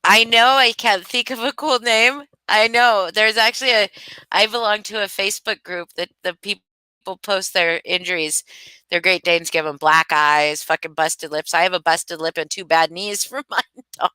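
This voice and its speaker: A woman's voice: medium pitch, fairly even intonation, moderate pace, bright, forceful tone, clear, resonant tone, dry recording. A woman hosting a casual live stream, gushing and swearing freely as she chats with viewers. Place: home.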